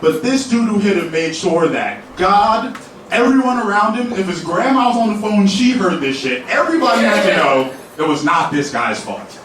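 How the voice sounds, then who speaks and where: A man's voice: high voice, animated, normal speed, a bit bright, a little hiss or hum. A young man doing a loose, profane stand-up set in a comedy club, laughing at his own jokes. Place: comedy club main room. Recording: echoey club room, mic at a distance.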